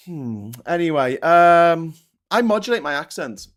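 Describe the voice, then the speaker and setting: A man's voice: fairly low pitch, moderate pace. A man with a Liverpool accent hosting a live-stream political chat, ranting with stammering restarts and swearing. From England. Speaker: livestream host.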